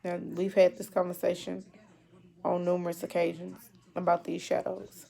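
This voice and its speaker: Woman, gravelly, mellow and dark, emotional, halting, repeats herself, video diary. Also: on the low side, completely flat delivery. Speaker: mother.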